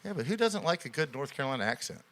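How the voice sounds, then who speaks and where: A man's voice: a little high, big pitch swings, rapid-fire, fairly bright tone. A man co-hosting a podcast, joking and teasing in casual banter and laughing often. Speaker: podcast co-host.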